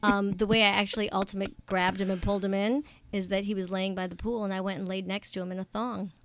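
A woman's voice: mid-range voice, level tone, fast talker, crowd noise. A woman guest telling a story in casual chat, playful and giggly. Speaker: guest, Broadway performer.

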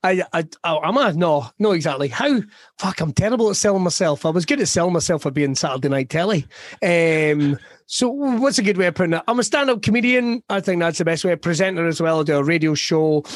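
Scottish comic, man, higher-pitched, dry close sound, swears and riffs. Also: animated, brisk, no echo. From Scotland (Ayrshire). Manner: swearing, jokey, self-mocking storyteller. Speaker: stand-up comedian, guest. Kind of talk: casual podcast chat.

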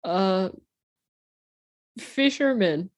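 Slow, teasing woman telling a story. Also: mid-range voice, animated, no echo. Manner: teasing, often breaking into laughter. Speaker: improv storyteller and timekeeper. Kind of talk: playful improvised storytelling.

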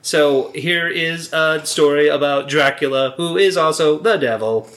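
A man's voice: on the high side, a little slow, fairly bright tone. A man co-hosting a podcast in casual chat, laid-back and enthusiastic, swearing freely. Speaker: podcast co-host. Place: indoor recording room.

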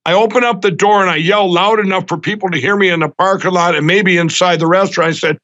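A man's voice: sits high, fairly even intonation, fast talker, hardly any pauses, bright, forceful tone, lo-fi sound. A middle-aged man telling a story in an interview, agitated and acting out the dialogue with many restarts. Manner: agitated, acts out quoted dialogue, frequent restarts. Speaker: guest recounting an event.

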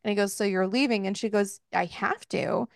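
A woman's voice: medium pitch, fairly even intonation, moderate pace, dry recording, studio quality. A woman co-hosting a podcast, casually recapping a book in a chatty way, swearing freely and laughing as she goes. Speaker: podcast co-host. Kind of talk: casual book review chat.

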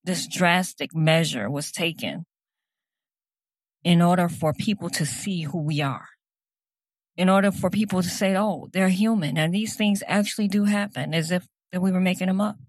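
A woman with a fairly low voice delivers an impassioned personal address. She speaks earnestly and with emphasis, repeating key phrases to drive her point home. The recording is dry and close, with no room echo. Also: moderate pace.

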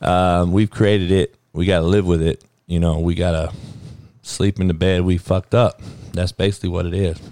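A man's voice: sits low, steady tone, normal speed, mellow, dry recording, clean studio sound. A middle-aged man from Compton, a football coach hosting his own show, ranting bluntly with heavy swearing. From Compton, California. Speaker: football coach and podcast host. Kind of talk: profane ranting monologue.

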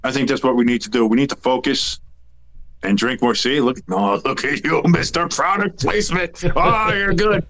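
Rambling, animated male sports podcaster. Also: mid-range voice, moderate pace. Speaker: podcast co-host. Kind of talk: casual sports chat.

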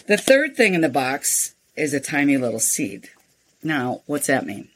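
An older woman, a nonprofit founder, speaking as an interview guest and telling frank, animated stories. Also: low voice, moderate pace, a little hiss or hum. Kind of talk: interview storytelling.

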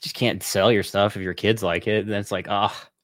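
A man's voice: lowish voice, level tone, moderate pace, no room sound, studio quality. A man from Oklahoma with an occasional Oklahoma accent, co-hosting a podcast and teasing his co-host in casual chat. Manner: joking, teasing, laughs often.

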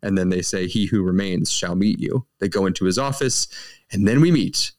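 A man's voice: sits low, moderate pace, darkish tone. A man co-hosting a podcast, recapping a show in a rambling, casual way with lots of fillers and restarts. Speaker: podcast co-host.

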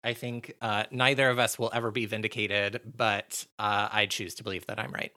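A man's voice: lowish voice, little pitch movement, moderate pace, pushed and bright. A man co-hosting a podcast, chatting casually in a playful, self-deprecating way and laughing often. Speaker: podcast co-host. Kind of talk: casual chat.

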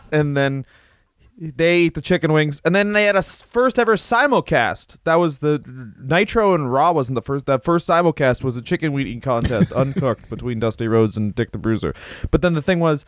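A man's voice: fairly high pitch, lively intonation, brisk, no echo, clean studio sound. A man co-hosting a comedy podcast, telling crude, rambling made-up stories and slipping into silly voices. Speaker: podcast co-host. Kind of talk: improvised comedy chat.

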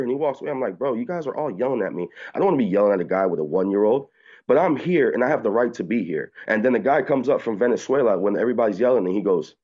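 A man being interviewed, telling his story quickly in one long stretch and acting out what others said. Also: animated, dull audio. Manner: rapid storytelling, mimics people in high voices. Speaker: activist guest. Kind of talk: excited phone-in interview recounting.

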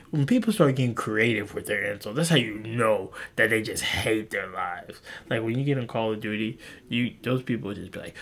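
A young adult man hosting a podcast, talking in a casual, rambling monologue. He swears freely, and his voice jumps high in disbelief. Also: expressive, moderate pace. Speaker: podcast host.

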